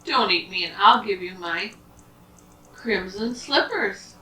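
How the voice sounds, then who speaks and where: A woman voicing a small frightened boy in a spoken children's story, high and pleading, recorded from a distance in an echoey room. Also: expressive, slow, pushed and bright. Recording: roomy, from a distance.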